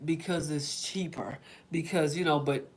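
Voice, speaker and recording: Woman, slightly low voice, chatty, rambling, vlog host talking to viewers. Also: fairly even intonation, a little slow, husky. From Oklahoma, USA. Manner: chatty and rambling, acting out quotes. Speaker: self-care vlog host. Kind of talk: casual chat with live viewers.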